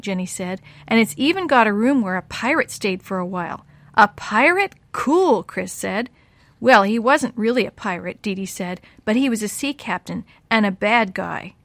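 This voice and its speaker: A woman reading a chapter book aloud to children, giving the kids' lines lively voices. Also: mid-range voice, dry recording. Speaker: storyteller for children.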